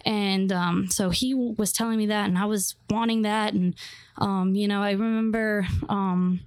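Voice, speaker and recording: A woman's voice: medium pitch, fairly even intonation, normal speed, a little mellow, no echo. A young adult woman telling her life story as a guest, rambling with many fillers and restarts. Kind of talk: personal testimony interview.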